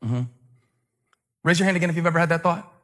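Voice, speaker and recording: Middle-aged male preacher, bright and forceful tone, chatty delivery that builds to emphatic peaks, jokes with the congregation. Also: a little high, quick pace. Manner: conversational, with sudden emphatic surges. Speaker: pastor. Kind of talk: sermon.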